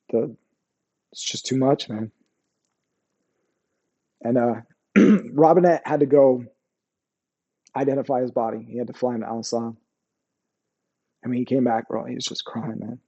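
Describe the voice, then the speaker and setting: A male army veteran recounting war memories in an interview. His voice is mellow and warm at a middle pitch, and his telling is raw and profane, with many restarts and sudden quiet drops. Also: husky. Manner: profane, halting, restarts often, lowers voice on painful memories. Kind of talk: candid interview storytelling.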